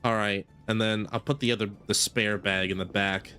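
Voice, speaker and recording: A man's voice: fairly low pitch, steady tone, moderate pace, bright, forceful tone, smooth, soft background music. A man giving casual gameplay commentary with a playful, mock-grumpy manner. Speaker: gaming video creator.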